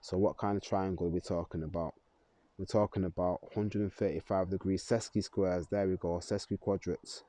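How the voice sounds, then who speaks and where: Low, dark-voiced man. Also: steady tone, normal speed, dry recording. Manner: rambling, chuckling, loose, self-correcting. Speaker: astrology vlogger. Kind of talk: casual astrology talk to camera.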